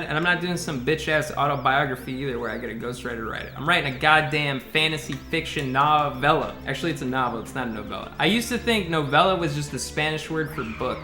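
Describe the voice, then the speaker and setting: This young man's voice is on the high side, bright and forceful as he streams a speedrun. He jokes with his audience in a blunt, profane, casual way while game music is clearly heard underneath.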